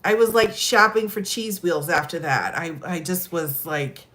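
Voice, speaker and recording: A woman's voice: on the low side, lively intonation, unhurried, fairly bright tone. A woman chatting casually on a live stream, telling stories and laughing often. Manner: giggly, chatty, lots of laughter.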